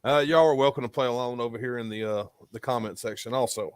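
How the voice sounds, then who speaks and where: Relaxed rambling podcast host, dry sound. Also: male voice, mid-range voice, fast talker, smooth, no echo. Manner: relaxed, rambling, laughs and curses freely. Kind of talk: casual podcast interview.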